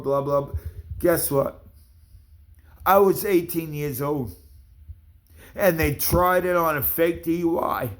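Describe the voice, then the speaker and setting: A man in an angry, profane rant, accusing and swearing at the people he addresses. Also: fairly high pitch. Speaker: vlogger.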